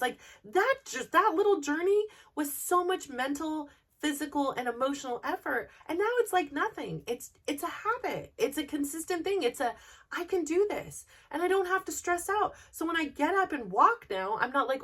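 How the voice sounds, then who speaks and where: A woman's voice: high voice, expressive, normal speed, fairly bright tone, recorded from a distance. A woman hosting a podcast, talking candidly and earnestly to her listeners in a personal motivational monologue. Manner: earnest, open and personal, speaking directly to listeners. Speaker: podcast host.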